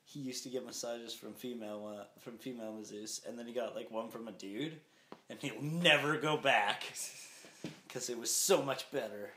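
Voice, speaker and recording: A man's voice: medium pitch, moderate pace, bright, forceful tone. A young man co-hosting a podcast in casual chat, rambling and laughing often. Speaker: podcast co-host. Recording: echoey room, faint noise.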